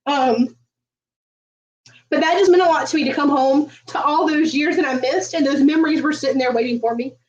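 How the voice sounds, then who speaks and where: Lady cooking at home on a livestream, high voice, kinda far from a dull mic, lots of ums. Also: fairly quick, slight background noise. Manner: chatty, folksy, many ums, talks to viewers. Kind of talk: casual livestream chat while cooking. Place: home kitchen.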